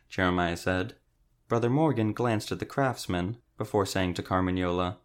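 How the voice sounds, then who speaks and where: Low-voiced male audiobook narrator. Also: moderate pace. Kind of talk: scripted narration.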